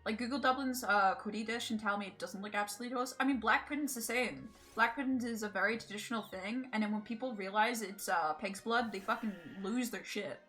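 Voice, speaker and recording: Bright-voiced Scottish woman streamer. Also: fairly high pitch, a little fast, few pauses, soft background music. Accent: Scottish, between Edinburgh and Glasgow. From Scotland. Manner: chatty, swears freely, laughs often. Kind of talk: casual live-stream chat while gaming.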